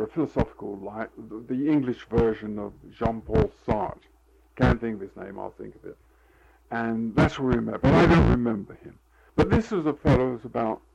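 An older man recounts his life story in an interview, meandering through anecdotes with plenty of fillers and acting out remembered exchanges. His voice is fairly low, gravelly and dark, in a muffled recording with a little hiss or hum.

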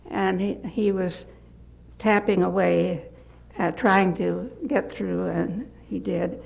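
An older retired woman giving a gentle devotional talk, telling stories with occasional slips and restarts. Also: medium pitch, steady tone, slow, creaky, rough recording. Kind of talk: folksy devotional talk with anecdotes.

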